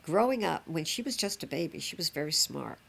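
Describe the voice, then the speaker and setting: A woman's voice: sits low, expressive, fairly quick, creaky, a bit bright. An older woman, a grandmother reminiscing fondly in a chatty, rambling way. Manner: chatty, fond, rambling with fillers. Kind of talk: reminiscing home recording.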